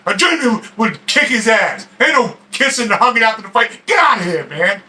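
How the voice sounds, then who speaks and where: A middle-aged boxing expert talks straight to the camera in a fierce, shouting rant. His voice sits very high and cuts with a sharp, tense edge. He stammers over his own restarts and throws in streetwise slang. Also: sing-song, fairly quick, rough recording. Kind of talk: ranting boxing talk to camera.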